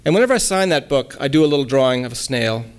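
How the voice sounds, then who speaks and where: A man giving a relaxed lecture at a college, hesitating often with ums and restarts and reading his own poems aloud. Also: medium pitch, quick pace, clear, resonant tone. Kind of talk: casual lecture with poem readings.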